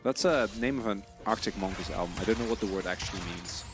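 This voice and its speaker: A man casting an esports match in casual commentary, chatty and self-deprecating, with bursts of excitement on big plays. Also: lowish voice, fast talker, music in the background. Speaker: esports caster.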